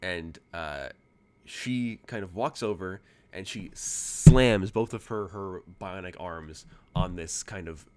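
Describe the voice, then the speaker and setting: Deep-voiced man narrating a tabletop game. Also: slow pace, darkish tone, slight background noise. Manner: casual, full of fillers. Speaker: game master.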